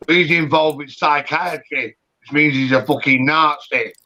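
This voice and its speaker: A man, calling in to a live stream and rambling loudly in casual chat, swearing freely. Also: fairly high pitch, measured pace. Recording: dull lo-fi audio.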